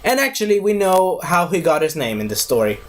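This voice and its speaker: A man's voice: a little high, very animated, fairly quick, slight background noise. A man giving a casual spoken movie review, rambling, losing his thread and correcting himself as he goes.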